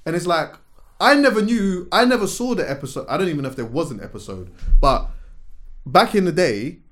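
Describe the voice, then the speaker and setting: A man co-hosting a podcast, retelling a show in animated, slangy casual chat. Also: fairly high pitch, brisk. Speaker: podcast co-host.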